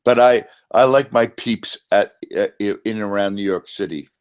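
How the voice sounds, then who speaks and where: A man's voice: fairly low pitch, moderate pace, smooth. A man with a New Jersey accent in a casual group voice chat, brash and teasing.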